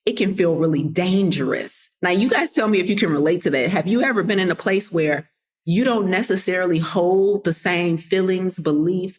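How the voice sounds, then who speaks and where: A woman hosting a casual motivational podcast, talking straight to her listeners and acting out what people said. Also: on the low side. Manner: conversational, addresses listeners as y'all, drops into quoted voices. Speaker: podcast host and coach.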